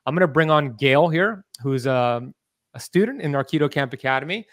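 A man hosting a live podcast interview, talking in an energetic, persuasive, rallying way. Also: fairly high pitch, brisk, no echo, clean studio sound. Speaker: podcast host.

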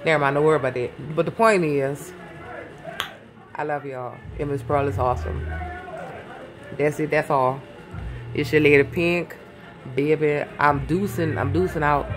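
A woman vlogging from her garage into a phone, rambling and swearing, easily sidetracked and calling her viewers baby and y'all. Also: low-pitched. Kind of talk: casual chat to camera. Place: home garage. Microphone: phone held close.

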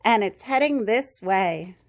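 A woman voicing a friendly talking daisy, polite and gentle. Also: medium pitch, animated, slow pace.

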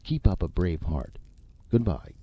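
A persistent male ghost speaks in a deep, husky voice, calm and reasoning, voiced by a man reading a story. The recording sounds a little dull and lo-fi. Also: measured pace, exaggerated voice. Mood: reassuring. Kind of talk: audiobook reading.

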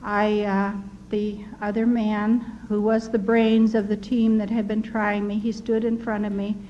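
An older woman giving an earnest personal testimony, telling her story in a measured way with restarts. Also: mid-range voice, completely flat delivery. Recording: dull lo-fi recording with faint noise.

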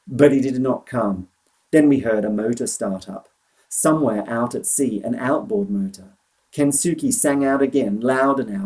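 Man, storybook reading, children's novel, expressive, animated delivery. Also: medium pitch, poor audio. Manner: expressive, animated read-aloud.

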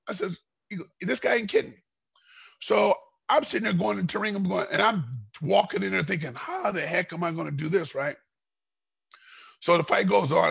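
A middle-aged man, a former fighter, telling a rambling story in a podcast interview and getting loud and heated as it goes. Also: on the high side, gravelly, husky. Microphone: podcast microphone.

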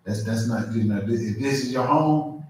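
A man preaching a conversational sermon, informal and animated, full of asides and "you feel me?". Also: medium pitch, normal speed, slight background noise. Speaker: pastor. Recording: very echoey room, mic far off.

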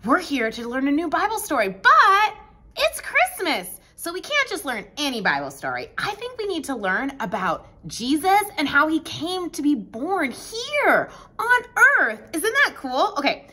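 High, bright-voiced woman teaching preschoolers. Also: moderate pace. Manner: animated, exclamatory, talks to young children. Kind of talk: children's Bible lesson.

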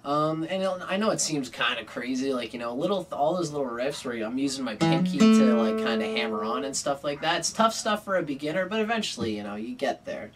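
A young man casually explaining a guitar song, relaxed and rambling with many fillers. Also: medium pitch, fairly quick, hardly any pauses, far from the mic. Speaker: guitar teacher. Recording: loud guitar over the voice.

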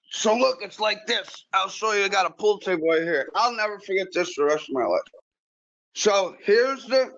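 A man telling a story in casual chat, animated and profane, with frequent repeated words and restarts. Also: high-pitched, dull audio. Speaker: guest pool player.

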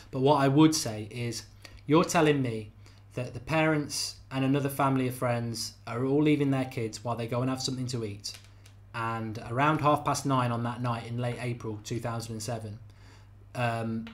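A middle-aged man hosting a live podcast debate, talking animatedly and repeating phrases for emphasis while reading out viewer comments. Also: mid-range voice. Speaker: podcast host.

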